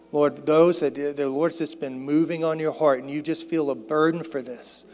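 Man, pastor, earnest sermon, repeats phrases, hushed prayer, long hall reverb. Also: on the high side, steady tone, normal speed, few pauses. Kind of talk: sermon altar call.

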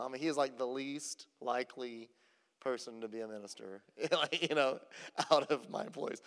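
A man's voice: mid-range voice, clean tone, long reverb tail. A man preaching a sermon in a conversational, storytelling way, with many casual fillers. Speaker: pastor.

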